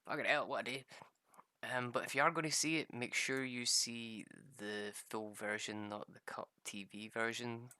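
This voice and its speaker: A man's voice: mid-range voice, steady tone, normal speed, sharp tone, smooth. A young man rambling through a casual gameplay chat, swearing freely and laughing at his own stories. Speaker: gaming streamer.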